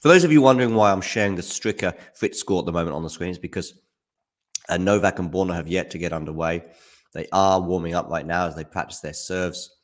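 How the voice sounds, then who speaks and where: A man's voice: sits low, fast. A man hosting a live tennis watchalong, chatting casually with hums and fillers while snacking on chocolate. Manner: relaxed, musing, hums and fillers. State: eating chocolate while talking. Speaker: watchalong host.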